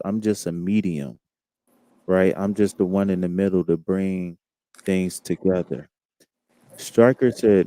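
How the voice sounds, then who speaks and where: A man's voice: on the low side, dark tone, clean tone, no echo. A man hosting a live tarot stream, chatting casually in a laid-back, slangy way and reading out viewers' comments.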